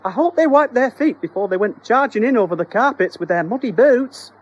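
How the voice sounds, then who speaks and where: A man voicing an anxious, fussy middle-aged housewife in a high, prim, fretful voice. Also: lively intonation, brisk, breathy edge, dull audio, full character voice.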